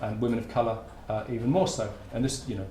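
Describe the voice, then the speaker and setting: A mellow, mid-range voice holds a steady tone even as the man talks fast through a casual conference presentation. It's recorded in a roomy lecture hall with faint ambience and slight background noise.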